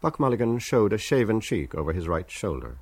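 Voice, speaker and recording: A man narrating a novel as an audiobook in a measured, stately way. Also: on the low side, big pitch swings, darkish tone, slightly rough, no echo.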